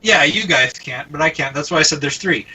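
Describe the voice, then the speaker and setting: A man co-hosting a casual podcast, reading out a listener's email with halting restarts and frequent laughs. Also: on the high side, lively intonation, pushed and bright, slightly rough, recorded from a distance, highs cut off. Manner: halting, laughs often, stumbles over words.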